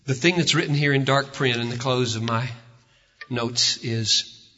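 A man preaching a sermon, swinging from hushed tones to shouts with an emphatic, repetitive cadence. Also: medium pitch, a little slow. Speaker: pastor. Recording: reverberant hall, dull lo-fi sound.

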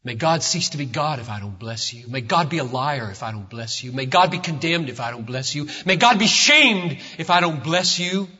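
A man preaching a sermon, swinging from hushed tones to shouts with an emphatic, repetitive cadence. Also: a little high, lively intonation, normal speed, hardly any pauses, slightly rough. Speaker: pastor. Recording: reverberant hall, dull lo-fi sound.

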